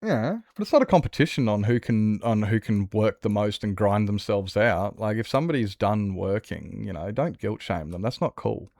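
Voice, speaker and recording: A man's voice: on the low side, animated, normal speed, vocal fry, few pauses, darkish tone, no room sound, clean studio sound. A man streaming a game, chatting casually in a rambling way, answering chat with many restarts. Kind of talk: casual chat while gaming.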